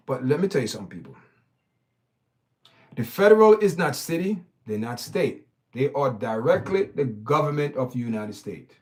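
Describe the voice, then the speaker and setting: A man's voice: mid-range voice, big pitch swings, normal speed, darkish tone. A man hosting his own stream, giving preachy, emphatic commentary full of repeated words and restarts. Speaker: channel host. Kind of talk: opinionated commentary livestream.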